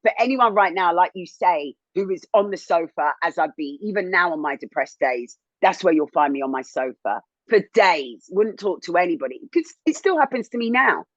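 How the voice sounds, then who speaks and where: A woman's voice: moderate pace, hardly any pauses, no room sound, highs cut off. Candid woman sharing a hard story. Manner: candid, animated, swings high when indignant. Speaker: interview guest, TV presenter. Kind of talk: emotional personal testimony.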